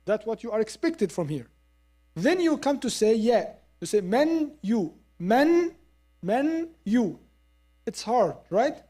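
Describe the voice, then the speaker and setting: A woman teaching Quran recitation in a lesson, explaining step by step and modelling the sounds slowly with repeats. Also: fairly high pitch, big pitch swings, mellow. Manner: explains step by step, asks listeners to agree. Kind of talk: classroom lesson.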